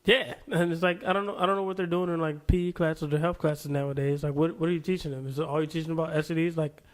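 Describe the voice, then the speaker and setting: Male co-host, slightly high voice, hesitant filler-heavy casual chatter. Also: steady tone, fast. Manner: hesitant, lots of likes, laughs often. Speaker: podcast co-host. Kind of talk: casual comedic chat.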